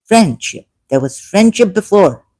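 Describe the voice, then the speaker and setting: A man giving an emotional solo commentary, swinging between loud outbursts and quiet asides. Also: high voice, sing-song, unhurried, no echo. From Shia Muslim background. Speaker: ex-Muslim commentator.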